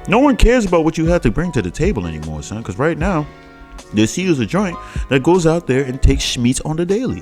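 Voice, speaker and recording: A man's voice: fairly high pitch, huge pitch swings, moderate pace, faint music behind. A man hosting a reaction video, talking in a mocking, sing-song way with stammering restarts. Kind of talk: casual mocking commentary.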